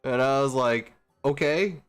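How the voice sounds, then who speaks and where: A man's voice: lowish voice, moderate pace, fairly bright tone, soft background music. A man streaming a game, talking casually in a rambling, profane way with many restarts. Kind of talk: casual rambling chat while gaming.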